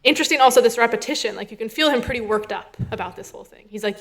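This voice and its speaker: A woman's voice: a little high, very fast, hardly any pauses, fairly bright tone. A woman, a rabbinic intern, giving a sermon in a casual, thinking-aloud way, acting out the dialogue she quotes. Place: synagogue sanctuary.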